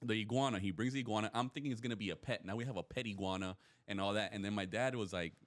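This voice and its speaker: A young man co-hosting a podcast, telling stories in a relaxed, slangy way and laughing often. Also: lowish voice, racing. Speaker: podcast co-host. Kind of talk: casual chat, storytelling.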